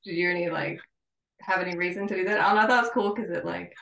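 Woman interviewer, quick hesitant speech, echoey room, far from the mic. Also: on the low side, vocal fry, a bit bright. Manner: hesitant, filler-heavy "like" phrasing. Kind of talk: casual interview questions.

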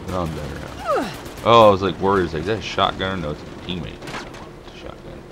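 A man's voice: low voice, wildly swooping pitch, fast talker, a little hiss or hum. A man giving casual live commentary on a shooting game he is playing, swearing and trash-talking at other players and laughing, a little groggy from just waking up. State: just woken up, throat a bit choked. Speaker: gameplay commentator. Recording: loud gunfire from the game.

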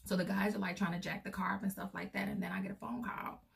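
A woman's voice: mid-range voice, flat delivery, fast talker, vocal fry. A young woman vlogger telling a personal story in a casual, rambling way, full of fillers, recorded from a distance.

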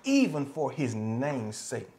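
A man preaching a sermon and leading prayer as a pastor, with a folksy, repetitive cadence that rises to loud, passionate exhortation. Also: mid-range voice, wildly swooping pitch, slow, slight background noise. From United States.

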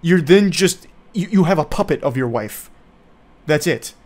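A man's voice: on the high side, animated, unhurried, a little mellow. A young man giving casual, sarcastic movie commentary in a rambling, mocking way. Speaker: YouTube commentator.

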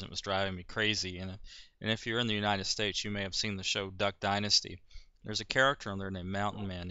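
Brief: low, bright man hosting a game vlog, hesitant. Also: clear, resonant tone, dry recording, highs cut off. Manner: hesitant, many ums and restarts. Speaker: beginner YouTuber.

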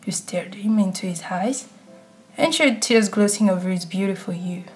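Woman narrating in a soft hush. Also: mid-range voice, moderate pace. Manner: hushed, intimate second-person narration. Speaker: ASMR narrator. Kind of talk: whispered role-play. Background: faint music.

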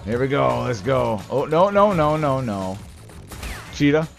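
A let's play gamer with a mid-range, gravelly male voice, speaking a little slowly, casually comments on his gameplay over game music. He's animated and jokey, swearing and bursting into mock anger.

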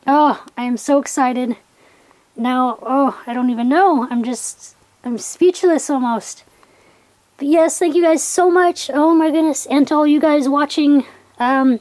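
Young woman, high-pitched, excited, rambling, unboxing vlog, dry close sound. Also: dry recording. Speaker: vlogger.

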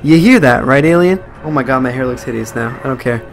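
A man's voice: mid-range voice, quick pace, vocal fry, faint music behind. A young man commentating a live horror game stream, jumpy and swearing at scares. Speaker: let's play streamer.

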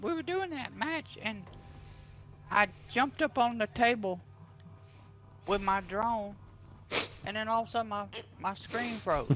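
A man chatting casually with friends while gaming, retelling a mishap in a relaxed, halting way. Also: high voice.

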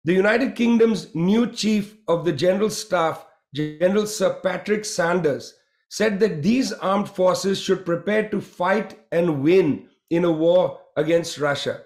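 A man giving a prepared political talk at a meeting, measured and reading from notes with emphatic asides. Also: high voice, roomy sound. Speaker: guest speaker.

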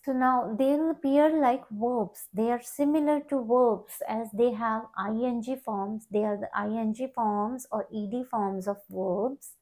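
A woman's voice: on the high side, darkish tone. A woman teaching an English grammar lesson, explaining step by step and often repeating words.

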